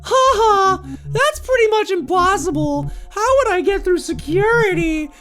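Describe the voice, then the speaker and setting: Woman doing a high, lively prim girl who takes offense fast. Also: faint music behind, full character voice. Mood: wistful. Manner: high, bright and indignant. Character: earnest young woman student, touchy and prim.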